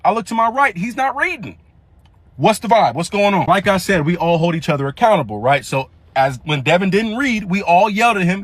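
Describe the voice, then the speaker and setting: A young man with a high, bright-sitting voice tells a comedic story in animated, slangy bursts. He rambles and restarts mid-sentence. The recording is dry, with no room sound. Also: fairly quick, dry recording.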